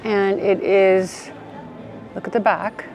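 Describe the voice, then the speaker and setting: A woman's voice: medium pitch, little pitch movement, slow pace, music in the background. A woman vlogger chatting casually and gushing about clothes while out shopping. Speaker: fashion vlogger. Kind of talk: casual vlog chat. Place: shops and streets in a city.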